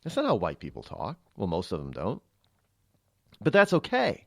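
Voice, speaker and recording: Animated male talk radio host. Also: mid-range voice, normal speed, pauses often, dry recording, studio quality. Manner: rambling, opinionated, conversational.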